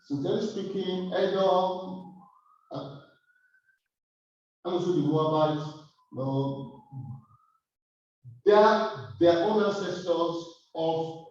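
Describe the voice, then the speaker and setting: A man leads a Bible study in a church room, speaking slowly and hesitantly, often restarting his sentences. His voice is mellow and dark. It comes from far off the mic in a very echoey room, and the sound is dull. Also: high voice. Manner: hesitant, with many fillers and restarts. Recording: distant echoey muffled room recording.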